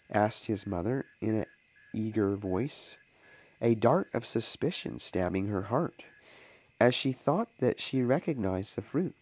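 A man's voice: lowish voice, measured pace, a little mellow, a little hiss or hum, poor audio. A man who is a minister, reading a children's story aloud as narration.

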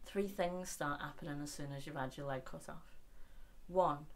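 A woman's voice: sits low, normal speed. Wry, blunt woman performing spoken word poetry. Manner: wry, blunt, deadpan humour. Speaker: poet.

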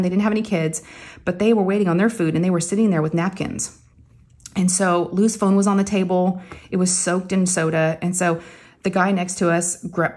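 A woman tells a family mishap as a casual story. Her voice sits a little low, and she slips into the quoted lines of each person with lively energy. She talks the way a crafting host chats to her regular viewers. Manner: animated, acts out her own lines.

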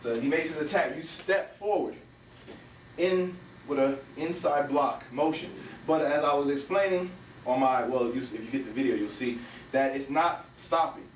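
Instructor talking through strikes, roomy and distant. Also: male voice, normal speed, a little hiss or hum. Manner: talks while demonstrating moves, punctuated with "bam" and "boom". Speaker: martial arts instructor. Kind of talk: demonstration walkthrough. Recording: echoey room, from a distance.

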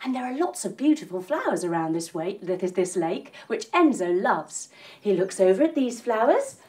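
A woman's voice: mid-range voice, big pitch swings, normal speed, darkish tone, breathy edge. A woman leading a children's yoga lesson as a story, playful and encouraging. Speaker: kids yoga teacher.

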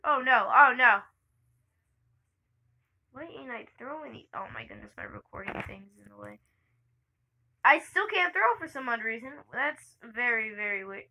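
A young woman giving chatty, excitable gameplay commentary for her channel, laughing and shrieking often. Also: on the high side, normal speed, long pauses, poor audio. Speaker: gaming channel host.

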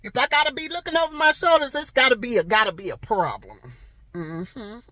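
A woman's voice: a little high, a little fast, sharp tone, no room sound, poor audio. A woman telling a storytime vlog from her parked car outside a hospital, sassy and emphatic, repeating herself for effect, recorded on a handheld phone camera. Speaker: vlogger.

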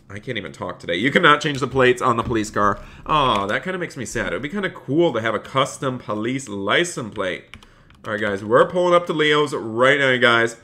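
This man's voice is mid-range, bright and forceful as he streams police role-play live. His talk stays cheerful and chatty, he calls out viewers by name with thanks, and he turns into a courteous officer when speaking to other players.

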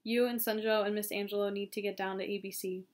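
A woman's voice: mid-range voice, little pitch movement, quick pace, close to an everyday voice. Woman reading as a stern male mountain guide. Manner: curt, forceful orders.

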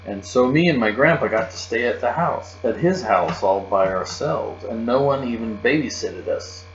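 A man's voice: mid-range voice, expressive, normal speed. A man narrating a children's book aloud in a childlike first-person storytelling manner. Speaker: audiobook reader. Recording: roomy, dull, with mains hum.

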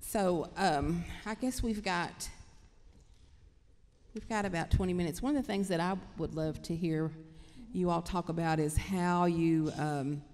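A woman with a Kentucky accent, moderating a writers' panel and talking in a relaxed, conversational way with quick asides. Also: fairly low pitch. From Casey County, Kentucky. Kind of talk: panel discussion. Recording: reverberant lecture hall.

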